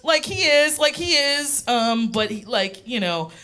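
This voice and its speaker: A woman's voice: sits high, lively intonation, unhurried, a crowd in the background. A young woman doing stand-up comedy on a small theater stage, chatty and full of fillers. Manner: chatty, full of "like" and self-interruptions. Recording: live audience laughter in small theater.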